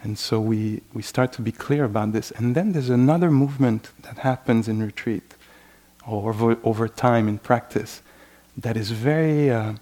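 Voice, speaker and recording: A man teaching meditation in a reflective, unhurried dharma talk, often adding "you know" and voicing inner thoughts as asides. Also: mid-range voice, dark tone. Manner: acts out inner voices in quoted asides.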